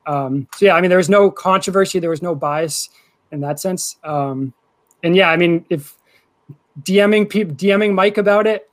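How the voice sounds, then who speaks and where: Calm man explaining on a podcast. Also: high-pitched, normal speed. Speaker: podcast co-host. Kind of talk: casual podcast chat.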